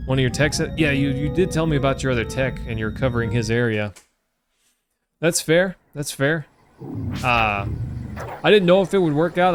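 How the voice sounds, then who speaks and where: A man with a Southern US accent streaming a retro game, chatting casually and rambling to his chat with many fillers. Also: mid-range voice. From Southern United States. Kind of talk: casual live-stream chat while gaming.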